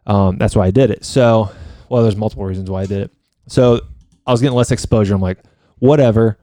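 A man in real estate telling a story in a casual chat, heated and quick to swear. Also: on the low side, mellow, no echo.

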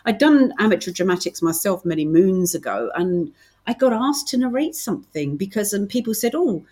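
A woman's voice: medium pitch, very animated, a little fast, darkish tone, slightly rough. A middle-aged woman with a British accent, chatting as a podcast guest, telling stories with many restarts. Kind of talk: casual interview chat.

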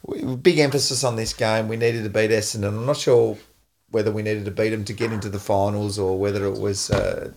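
An Australian man and former footballer, hosting a casual chat and telling an animated story with frequent laughs. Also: lowish voice, fairly quick, gravelly. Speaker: podcast host, former footballer.

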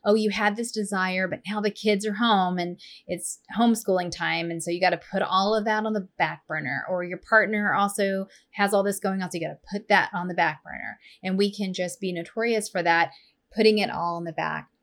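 A woman's voice: mid-range voice, a little fast. Conversational woman podcast host. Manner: warm, animated storytelling with playful voices. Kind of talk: casual conversation.

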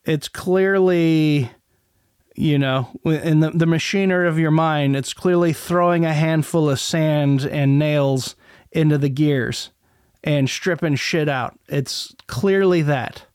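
Middle-aged male host, unhurried, smooth clear voice; rambling and profane. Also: on the high side, a little mellow, no room sound, clean studio sound. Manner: rambling, profane, many restarts. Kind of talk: casual commentary monologue.

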